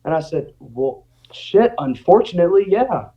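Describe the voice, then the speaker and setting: A young male guest tells a personal story in casual conversation, animatedly acting out what people said. His voice sits high and his pace is moderate. The audio is dull and lo-fi.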